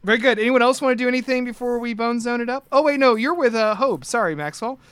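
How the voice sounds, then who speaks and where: A man narrating a tabletop game as game master, halting often and restarting his sentences. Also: very high-pitched, fairly bright tone, smooth, no room sound. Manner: halting, full of fillers and restarts.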